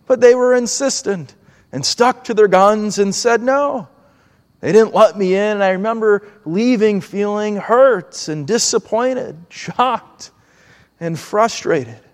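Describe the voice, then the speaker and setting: Male preacher, high-pitched, earnest measured delivery, reverberant space. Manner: earnest, measured preaching with acted pleading quotes. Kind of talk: sermon.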